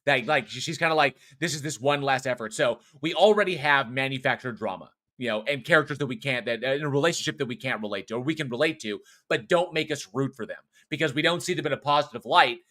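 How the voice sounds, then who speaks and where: A man's voice: mid-range voice, quick pace, hardly any pauses, pushed and bright. A man co-hosting a horror podcast, talking through a film review in a loose, rambling way, swearing often and restarting his sentences. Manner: rambling, profane, frequent restarts and fillers. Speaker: podcast co-host. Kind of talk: casual film review chat.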